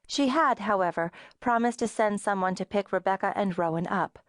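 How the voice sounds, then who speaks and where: A woman narrates an audiobook in a measured, even storytelling voice at a middle pitch. The studio recording is dry and close, with no room sound. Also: dry recording. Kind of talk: scripted narration.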